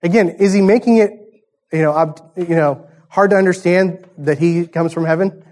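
A pastor with a high-pitched, darkish voice preaches at a moderate pace. His sermon is conversational as he teaches through a passage and poses rhetorical questions to the congregation.

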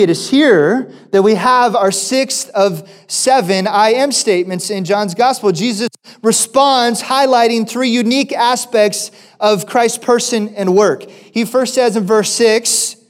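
A male pastor delivering a sermon at a slow, deliberate pace. His voice sits high for a man, and he keeps stopping to ask his listeners questions. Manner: deliberate preaching with rhetorical questions.

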